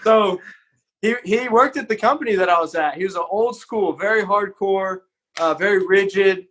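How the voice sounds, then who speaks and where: A man's voice: high-pitched, normal speed, fairly bright tone. A man from Texas, a podcast guest, telling an earnest, candid story in a casual, conversational way.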